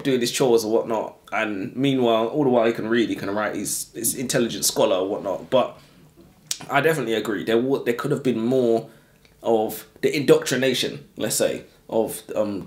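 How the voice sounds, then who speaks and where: A young man co-hosting a casual book discussion, animated and slangy, laughing often. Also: medium pitch, echoey room. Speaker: book podcast co-host.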